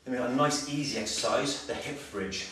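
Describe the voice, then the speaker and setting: A slightly breathless male personal trainer demonstrating exercises, giving brisk, direct coaching with frequent check-ins. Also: mid-range voice, fairly bright tone. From Wales. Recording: very echoey, distant, noisy room sound.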